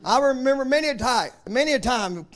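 A man's voice: very high-pitched, lively intonation, brisk, fairly bright tone. A pastor in his fifties delivering a fervent, emphatic sermon, driving points home with repeated refrains. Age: 50s.

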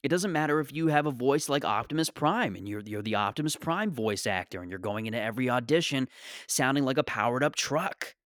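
A man's voice: mid-range voice, a little fast, a bit bright, no echo, studio quality. A male comedian delivering a sarcastic, exasperated rant in a monologue.

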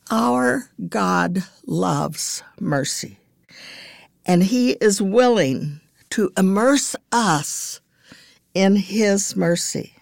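A woman gives devotional Bible teaching in a slightly low, gravelly voice. She tells the stories earnestly and unhurriedly, and lets each line settle. The sound is close and dry. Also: dry recording. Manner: earnest, measured storytelling. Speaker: podcast host and Bible teacher.

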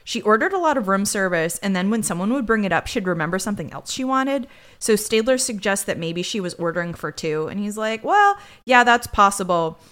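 A woman's voice: mid-range voice, lively intonation, fairly quick. A woman co-hosting a podcast in casual chat, chatty and playfully ironic. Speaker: podcast co-host.

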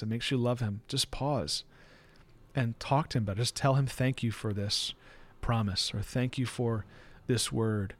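A man preaching as a pastor, earnest and plain-spoken, reading verses slowly and deliberately. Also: medium pitch. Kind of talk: sermon teaching.

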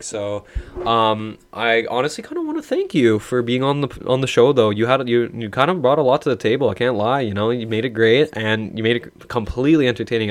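A man's voice: mid-range voice, dry recording. A young man hosting a podcast, chatting easily and leaning on "you know" as he wraps up. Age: young adult. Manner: easygoing, uses lots of "you know". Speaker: podcast host. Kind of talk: casual podcast chat.

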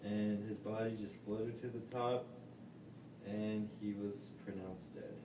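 A man co-hosting a casual podcast, telling a story in an animated way and swearing freely. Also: lowish voice, slow, echoey room, far from the mic, background noise. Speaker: podcast co-host. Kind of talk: casual chat.

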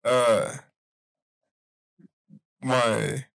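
A man co-hosting a casual podcast chat, telling a story in a halting way with repeated words. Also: mid-range voice, steady tone, gravelly, fairly bright tone, no room sound. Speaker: podcast co-host.

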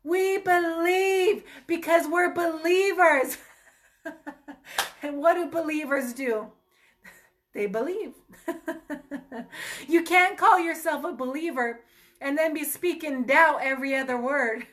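A woman's voice: sits high, slow, pauses often, a bit bright. A woman ministering in a fervent online sermon, greeting viewers by name and repeating amen and hallelujah.

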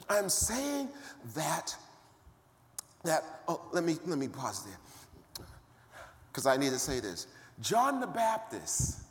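A man preaching a sermon, calling out to the congregation and building up to shouting. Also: on the high side, big-room sound.

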